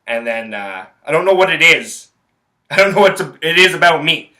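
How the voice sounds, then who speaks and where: A man's voice: a little high, expressive, normal speed, bright, forceful tone. A young man, hosting a solo podcast and telling a rambling, blunt story full of profanity. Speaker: podcast host.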